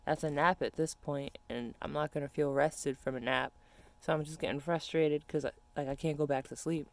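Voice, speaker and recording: A woman's voice: low voice, steady tone, moderate pace, dry recording. A young woman venting in a casual, profane rant about being annoyed. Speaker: vlogger. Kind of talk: casual ranting monologue.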